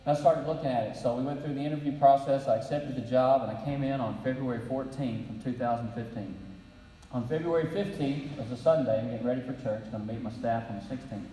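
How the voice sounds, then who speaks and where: Middle-aged man, folksy storyteller with dry humor, mellow voice, picked up from a distance in a long-echo hall. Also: mid-range voice, fast talker, slight background noise. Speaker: breakfast speaker. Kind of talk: faith-based leadership talk. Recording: roomy hall, distant mic.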